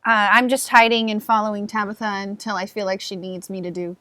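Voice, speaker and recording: A woman player at a tabletop game who rambles and giggles as she talks. Her voice sits at a middle pitch, with a dry, close sound. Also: flat delivery, a little fast, sharp tone, dry recording. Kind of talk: casual tabletop play.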